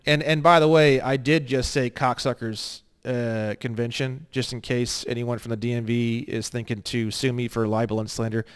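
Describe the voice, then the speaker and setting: Guy teaching an online course, swears a ton, rambles and jokes, smooth clear voice. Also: medium pitch, moderate pace, few pauses. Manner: crude, joking, swings between muttering and loud rants. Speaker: online legal course instructor. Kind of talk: profane, rambling screen-share lesson.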